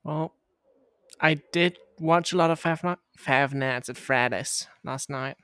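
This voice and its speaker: A man, a native German speaker, co-hosting a podcast in casual chat with a blunt, deadpan manner. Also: a little high, slow, smooth, no echo, studio quality. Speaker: podcast co-host. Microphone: remote call microphone.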